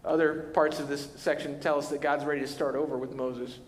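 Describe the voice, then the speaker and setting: A man delivers a sermon as a pastor, and his voice sits a little higher than most. He retells the story with animated, casual paraphrase, slipping into the voices of its characters. The sound carries the long reverb of a large church hall. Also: a little fast.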